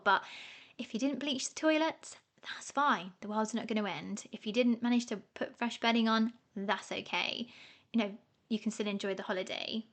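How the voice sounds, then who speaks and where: A woman's voice: medium pitch, a bit bright. A middle-aged woman hosting a podcast, talking casually and self-mockingly, often laughing. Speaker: podcast host. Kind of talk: casual solo podcast talk.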